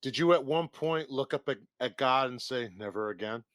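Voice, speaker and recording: A man's voice: mid-range voice, moderate pace, a bit bright, no echo, clean studio sound. A man co-hosting a podcast in casual chat, who teases the host and laughs easily.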